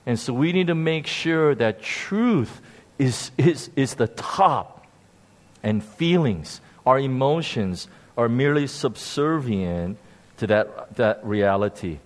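A man preaching a sermon, telling a story with animated emphasis and frequent repeated words. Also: medium pitch, slow. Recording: long hall reverb.

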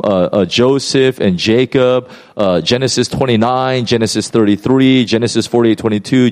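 A man preaching a sermon at a middle pitch, telling the story in a loose, conversational way. He piles up fillers and restarts as he goes, and he keeps the delivery animated throughout. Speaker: pastor.

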